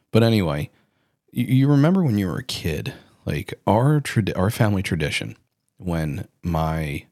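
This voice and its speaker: Low-voiced guy in his 30s chatting on his podcast, rambly, dry close sound. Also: a little mellow, no echo. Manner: rambling, self-correcting storyteller. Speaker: podcast host. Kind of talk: casual solo podcast talk.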